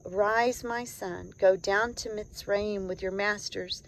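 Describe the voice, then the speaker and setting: A woman's voice: mid-range voice, steady tone, slow, poor audio. A woman voicing a dead mother's spirit speaking tenderly from beneath the grave in a storybook reading. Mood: tender comfort.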